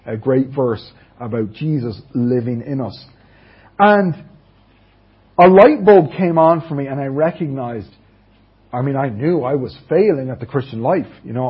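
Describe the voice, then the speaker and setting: A man's voice: medium pitch, slightly rough. A middle-aged Irish man preaching a sermon in church, earnestly telling his personal testimony and often checking in with his listeners. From Ireland. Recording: dull lo-fi church recording.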